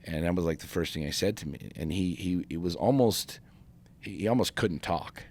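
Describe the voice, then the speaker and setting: A man with a very low voice tells a story in a loose, casual podcast chat. He speaks with heavy emphasis and swears freely, restarting his sentences as he builds to each point. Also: normal speed, a little mellow. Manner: emphatic, profane, frequent restarts. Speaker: podcast co-host.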